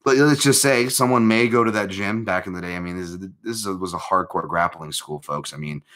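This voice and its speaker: A man's voice: deep voice, fairly quick, fairly bright tone. A man hosting a live MMA chat, talking casually in a rambling, self-interrupting way with lots of fillers and self-deprecating jokes.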